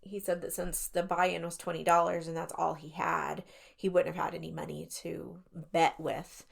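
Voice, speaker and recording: A woman co-hosts a radio show, recounting ghost-hunting tales in a loose, chatty way full of fillers. Her voice sits low and carries a gravelly fry, and she breaks off now and then to question what she is retelling. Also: level tone, moderate pace. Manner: chatty, many fillers, skeptical asides. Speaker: podcast co-host. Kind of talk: casual chat retelling ghost stories. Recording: radio talk show studio mic.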